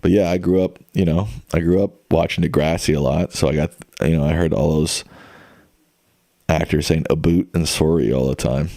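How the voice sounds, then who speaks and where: A young adult man livestreams, casually chatting with viewers in a relaxed, rambling style thick with fillers and restarts. His extremely low, warm voice holds a steady tone at normal speed, captured in a dry recording with clean studio sound.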